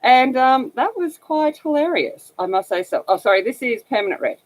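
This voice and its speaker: A woman with an Australian accent from northern Australia hosts a coloring livestream, chatting casually and rambling with plenty of fillers. Her voice is a little high and scratchy, with big pitch swings, and she talks at a normal speed.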